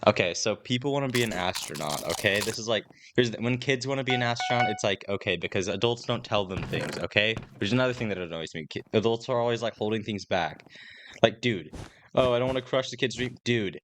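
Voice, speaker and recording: Teen male commentator, low voice, rambling dry rants, home mic with clicks and background hiss. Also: fast. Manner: rambling, restarts often, dry complaining tone. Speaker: gaming commentator. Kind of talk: casual voice-over commentary.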